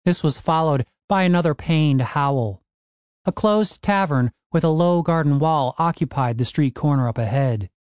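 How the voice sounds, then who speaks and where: A man narrating a comic fantasy audiobook in a wry, lively storytelling manner. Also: on the high side, normal speed, smooth, no echo, clean studio sound.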